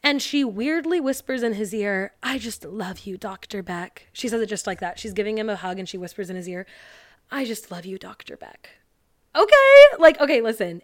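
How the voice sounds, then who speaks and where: A woman's voice: on the high side, no echo, studio quality. A young woman hosting a podcast, recapping a TV movie in a casual, sarcastic way and acting out the characters' lines.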